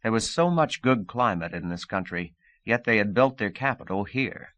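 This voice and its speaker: A man with a low voice reads an audiobook in a calm, measured way. The sound is close and dry, with no room echo. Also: lo-fi sound. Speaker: audiobook narrator. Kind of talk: audiobook narration.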